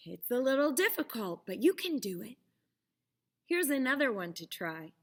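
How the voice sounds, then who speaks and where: A young adult woman teaching theater to children, encouraging and speaking with clear enunciation. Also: high-pitched, sing-song, moderate pace, pushed and bright. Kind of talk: children's lesson.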